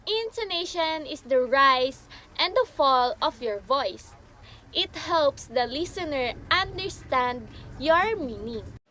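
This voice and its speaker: A woman presenting a phonetics lesson, reading slowly and carefully and stressing each example word. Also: high voice, sing-song, pushed and bright, low-quality recording.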